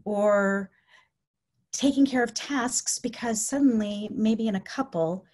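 A woman's voice: medium pitch, takes it slowly. A woman giving an educational talk on dementia care in a casual way, often checking in with "okay?" and acting out quoted speech. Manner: acts out quoted speech in lively voices. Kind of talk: educational presentation.

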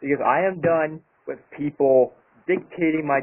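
This YouTuber fires off a brisk, nearly pause-free rant about his channel, cursing and stressing his points in anger. His voice is fairly high, and the audio has a tinny, phone-like ring.

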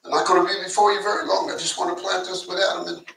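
A man's voice: sits high, level tone, very fast, creaky. A male pastor preaching a conversational sermon to his congregation, telling stories and often repeating words as he goes. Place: church sanctuary. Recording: echoey church from a distance, faint hiss.

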